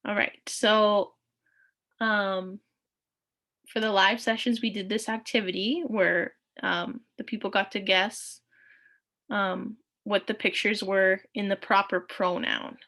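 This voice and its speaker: A woman's voice: medium pitch, flat delivery, slow pace, pushed and bright. A woman teaching a recorded language lesson, repeating each word patiently with frequent ums.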